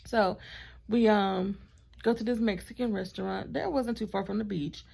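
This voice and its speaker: A woman vlogger telling a storytime in a chatty, animated way, with asides to her partner off camera. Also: mid-range voice, normal speed, vocal fry, husky. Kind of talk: casual storytime vlog.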